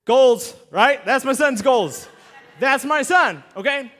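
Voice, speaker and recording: A man with a notably high voice preaches in an animated, storytelling way. He speaks directly to his listeners as a pastor delivering a sermon. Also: slow pace. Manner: animated storytelling, talks straight to the audience.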